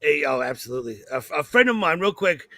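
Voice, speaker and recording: High, bright New man rambling. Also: fast talker, no room sound, studio quality. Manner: rambling, excitable anecdote-telling. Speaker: comedian podcast co-host. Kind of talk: casual chat, storytelling.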